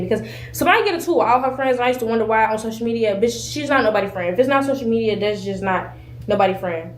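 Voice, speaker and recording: A young woman tears through a heated rant at speed, swearing freely and acting out both sides of an argument. Her voice has a middle pitch. The sound is roomy and echoey, with a faint hiss underneath. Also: quick pace. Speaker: streamer telling a story in a clip. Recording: echoey room with faint noise.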